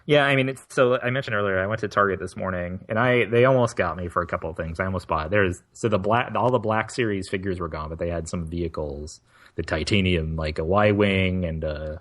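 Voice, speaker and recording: A man co-hosting a podcast, chatting in a relaxed, rambling way that often trails off. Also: low voice, brisk. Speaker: podcast co-host. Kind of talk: casual chat.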